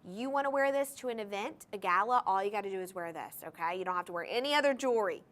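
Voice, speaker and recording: A woman hosting a shopping channel, giving an enthusiastic live sales pitch for jewelry and talking straight to viewers in a TV studio. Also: fast talker, a bit bright. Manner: enthusiastic, chatty, addresses viewers directly. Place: TV studio with controlled lighting.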